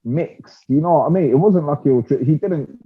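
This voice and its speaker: A man, chatting about fights in a loose, slangy and animated way. His voice sounds a little husky. The audio is narrow and tinny, like a phone line. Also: fairly high pitch, normal speed. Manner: slangy, animated, peppers speech with "bruv". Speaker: podcast co-host. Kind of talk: casual fight-talk chat.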